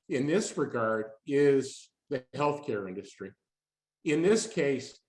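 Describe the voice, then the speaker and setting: A man giving a webinar talk on employee engagement, emphatic and punchy, firing off rhetorical questions. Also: fairly high pitch. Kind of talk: webinar presentation. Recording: roomy echo.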